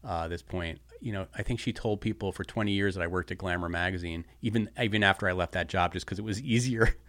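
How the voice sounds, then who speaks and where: Low-voiced man in a dry room. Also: fast, fairly bright tone, no room sound. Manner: brief, agreeable interjections and laughter. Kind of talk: casual chat.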